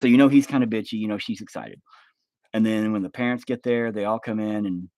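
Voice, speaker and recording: A man with a fairly low voice rambles through his film idea in a loose, casual, profane way. His speech is filled with likes and you-knows. The sound is close and dry, with no room echo. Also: quick pace, a little mellow. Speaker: livestream host.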